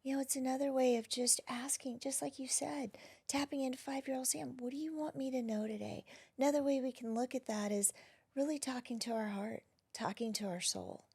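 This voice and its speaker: A woman who is a wellness practitioner, talking gently and reflectively as an interview guest, often dropping to a soft near-whisper. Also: high-pitched, fairly even intonation, fairly quick, husky. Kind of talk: casual interview conversation.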